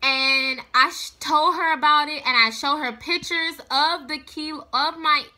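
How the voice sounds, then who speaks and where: A young adult woman telling a story to camera in a casual vlog, with dramatic, animated delivery. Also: sits high, unhurried. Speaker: vlogger.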